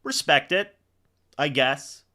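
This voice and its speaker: A young man hosting a live fan reaction stream, calling the plays as he watches and getting excitable on big moments. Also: on the high side, slow. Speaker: fan livestream host.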